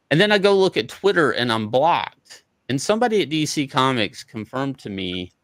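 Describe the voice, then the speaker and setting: A man's voice: mid-range voice, fairly bright tone, smooth, no echo. A man, a comic book artist, telling a story in an interview in a casual, profane way, acting out both sides of each conversation.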